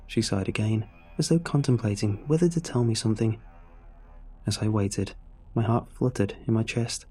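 A man narrating a horror story in a measured, suspenseful way. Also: fairly low pitch, dark tone, breathy edge.

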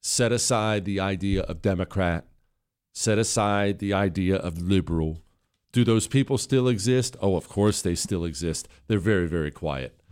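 A man with a low voice hosts a radio talk show, speaking into a studio microphone. His political commentary is impassioned and builds to heated emphasis. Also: normal speed, darkish tone, smooth.

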